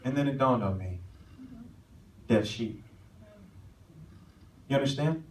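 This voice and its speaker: A man's voice: medium pitch, animated, slow, distant mic, a little hiss or hum. Preacher man telling a story in an echoey church. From American. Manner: storytelling, rising to shouted calls at peaks. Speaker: pastor. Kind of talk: sermon. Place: church sanctuary. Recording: echoey church hall, mic from afar.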